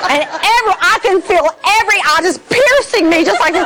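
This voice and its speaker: A middle-aged woman telling a personal faith story to an audience, animated and laughing, acting out the scenes. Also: very high-pitched, brisk, hardly any pauses. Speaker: speaker.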